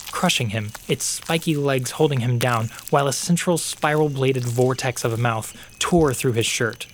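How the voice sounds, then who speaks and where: A man narrating a fantasy story in a steady, measured storytelling voice. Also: mid-range voice, slight background noise. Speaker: podcast narrator. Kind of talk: scripted audiobook narration.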